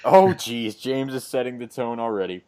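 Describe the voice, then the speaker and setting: A man of middle pitch walks through a comic issue in an easy, chatty way. He leans on "uh" and "like" as he talks, and acts out the characters' lines as quotes. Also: expressive, moderate pace, mellow, clear, resonant tone. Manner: recaps with many fillers, acts out quotes. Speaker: podcast host. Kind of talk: casual comic book recap.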